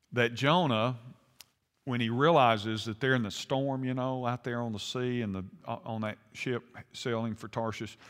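A man's voice: mid-range voice, a bit bright. A man preaching a sermon in a folksy, conversational way, acting out quotes with rising intensity. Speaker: pastor. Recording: long hall reverb.

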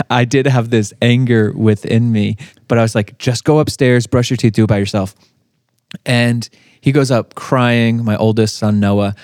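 A man in his thirties co-hosting a faith podcast, telling a family story in a relaxed way with fillers and laughs. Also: lowish voice, dry recording, clean studio sound. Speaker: podcast co-host. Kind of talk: casual faith podcast chat.

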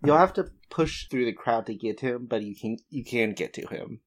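A man acting as game master for a tabletop role-playing game. He describes the scene and works through the rules in a measured, explanatory way. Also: mid-range voice.

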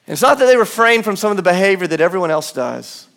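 A man's high, clear voice carries an earnest sermon. He builds with slow, weighty pauses, then sinks into quiet, low asides as he leads the room through his point. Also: sing-song. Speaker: pastor. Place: church auditorium.

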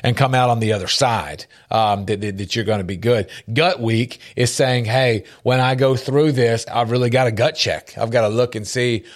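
A man co-hosting a faith-based talk show, telling stories with lively jumps in pitch. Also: normal speed, few pauses. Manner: animated storytelling, jumps up in pitch for quoted voices. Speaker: podcast co-host.

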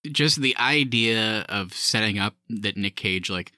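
Lively guy hosting a movie podcast, lowish bright voice, dry close mic, laughs a lot. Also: measured pace, no room sound. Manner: animated, laughs often. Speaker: podcast host. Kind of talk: casual movie review chat.

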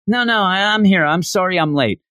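A man voicing a flighty, excitable teenage girl student who gushes and rambles. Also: fairly quick, no room sound, studio quality. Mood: rambling. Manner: high, gushing, scatterbrained.

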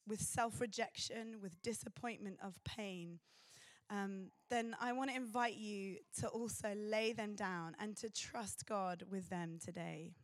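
A woman preaching a sermon in an earnest, pausing way. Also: mid-range voice, fairly even intonation, no room sound.

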